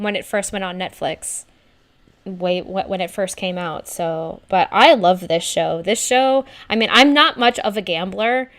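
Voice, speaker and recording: A woman co-hosting a podcast in casual chat, rambling and hesitant as she works out her point. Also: mid-range voice. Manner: rambling, hesitant, restarts a lot. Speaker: podcast co-host.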